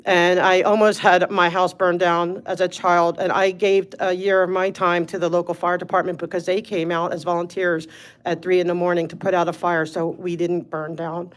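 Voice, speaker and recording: Woman, public comment, emotional, choked up, earnest, pleading. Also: on the low side. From Los Angeles.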